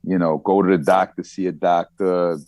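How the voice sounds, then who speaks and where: A man's voice: deep voice, little pitch movement, normal speed, a little mellow, no echo. A man with a Long Island accent, a guest rapper chatting casually on a podcast, rambling with repeated words and frequent laughs, on a remote call. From United States. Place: Germany.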